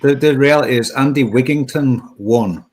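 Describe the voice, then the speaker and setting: A man with a husky, slightly rough voice and a mid pitch. He talks bluntly and grumbles with plenty of swearing, as though he is juggling the stream controls. It is relaxed live-stream banter. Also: normal speed. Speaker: co-host running the stream controls.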